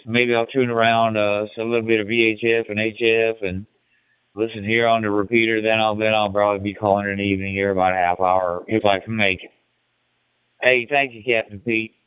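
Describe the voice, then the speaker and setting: A man's voice: fairly low pitch, flat delivery, normal speed, clear, resonant tone, dry recording. Rambling man over a dry radio link. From Illinois. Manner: rambling, repeats words, folksy. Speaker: amateur radio operator. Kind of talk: casual radio chat. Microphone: radio transceiver mic. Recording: narrow, dry radio transmission.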